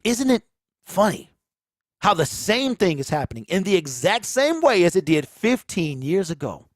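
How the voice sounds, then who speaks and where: A sports talk host with a Michigan accent rants in a high, swooping voice, hammering his points by repeating phrases. The sound is dry and close-miked, with pops on hard consonants. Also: moderate pace, dry recording. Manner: animated, preachy, repeats phrases for emphasis. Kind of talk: casual sports commentary rant. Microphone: close mic, pops on plosives.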